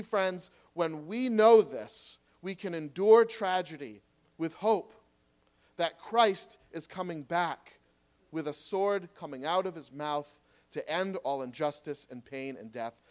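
Earnest pleading male preacher. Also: on the high side. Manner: earnest, pleading, swings between loud urging and soft quiet reassurance. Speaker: pastor. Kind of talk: sermon.

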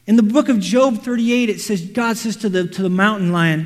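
A man preaching a sermon, animated, acting out quotes and everyday scenes. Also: very high voice, fairly quick, few pauses. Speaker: pastor. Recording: reverberant hall.

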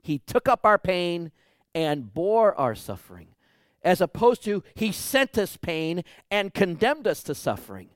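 A man preaches a sermon with a slightly high voice. He drives his points hard, then drops to a hushed tone. The recording is dry and close. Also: sing-song, unhurried, no room sound. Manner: emphatic preaching, swings from loud to hushed. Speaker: pastor.

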